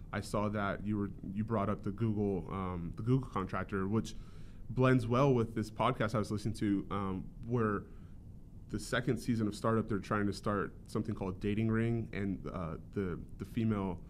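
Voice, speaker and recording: Young adult male guest on a talk show, rambling and loose with plenty of fillers, lowish voice. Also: fairly even intonation, moderate pace, slight background noise. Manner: rambling, lots of fillers and restarts. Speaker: podcast host and author, guest. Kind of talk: casual chat.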